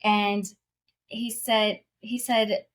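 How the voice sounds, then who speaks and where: A woman's voice: medium pitch, flat delivery, extremely slow. A woman guest on a podcast, telling a heartfelt personal faith story in an earnest, casual way, often using fillers such as "you know" and "like.".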